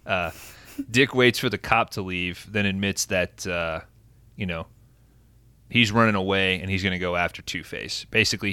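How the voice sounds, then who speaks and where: Laid-back, swearing man with a low, bright voice. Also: no room sound. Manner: laid-back, swears often, frequent fillers. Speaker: podcast host recapping a film. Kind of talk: casual profane chat.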